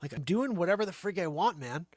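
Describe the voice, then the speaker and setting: A man with a high-pitched voice hosts a live show, talking fast through a rambling, animated improvised comedy monologue that riffs on a running bit. Between asides he drops into breathy whispers, and the sound is clean studio audio with no echo.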